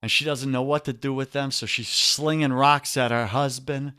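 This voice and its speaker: A man with a New York accent, speaking as a podcast guest and men's coach in an energetic, preachy way, often calling the listener brother. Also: mid-range voice, moderate pace, smooth, dry recording, clean studio sound. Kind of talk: energetic motivational talk.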